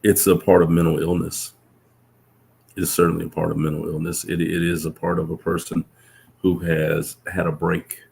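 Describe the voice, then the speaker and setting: A man's voice: little pitch movement, moderate pace, a little mellow, slight background noise. A man, a professor, telling reflective stories in a casual conversation, earnest and full of restarts. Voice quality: deep gravelly voice. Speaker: professor, guest.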